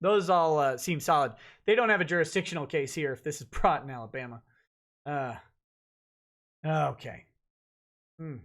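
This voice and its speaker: A live-stream host reads a lawsuit complaint aloud as legal commentary, interrupting himself with sarcastic, blunt, joking remarks. His voice is on the high side and a bit bright, with a moderate pace and long pauses.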